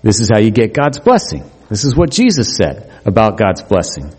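A man's voice: normal speed, husky. Preaching man in a reverberant hall. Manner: animated preaching, rising to emphatic highs. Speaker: pastor. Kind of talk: sermon.

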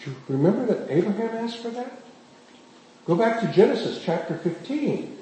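A man's voice: high voice, normal speed. A man preaching a sermon as pastor, often putting questions to the congregation as he tells the stories. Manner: questions the congregation, animated storytelling. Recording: very echoey room, faint background noise.

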